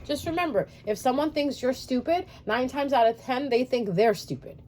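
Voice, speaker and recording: A woman with a high-pitched voice, speaking at normal speed against a noisy background, vlogs spiritual advice to her subscribers. This spiritual YouTuber addresses her viewers directly, emphatic and repetitive.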